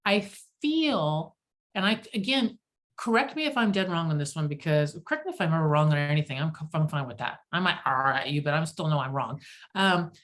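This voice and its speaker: A woman hosting a casual group chat, telling stories in an animated, self-deprecating way. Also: low voice, brisk.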